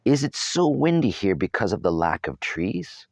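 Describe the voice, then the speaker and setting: A man's voice: fairly low pitch, big pitch swings, normal speed, no room sound, clean studio sound. A man reading his own novel aloud as storybook narration, with wry, humorous asides.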